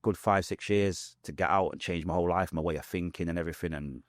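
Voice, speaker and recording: Speaking quickly in a low voice, a Manchester man from England shares his life story as an interview guest. He's emotional and blunt and uses street slang, and the dry recording is studio quality.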